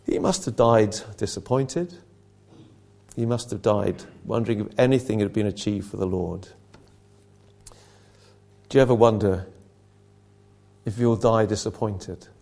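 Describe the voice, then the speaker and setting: A man's voice: on the low side, fairly even intonation, measured pace, vocal fry, long pauses, darkish tone. A male preacher giving a conversational sermon that retells a story and asks earnest rhetorical questions.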